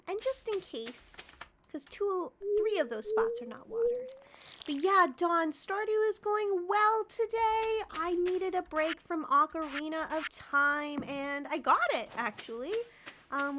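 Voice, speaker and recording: A woman game streamer chatting casually and giggling while she plays, talking to her viewers by name. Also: very high-pitched. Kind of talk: casual live-stream chat while gaming. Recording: loud background noise with clicks.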